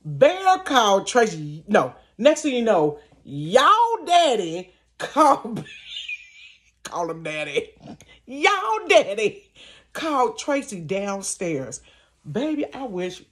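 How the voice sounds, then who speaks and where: A woman telling a family story to her viewers from her bedroom, animated, laughing, and calling them y'all and honey. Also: mid-range voice. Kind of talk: casual storytime.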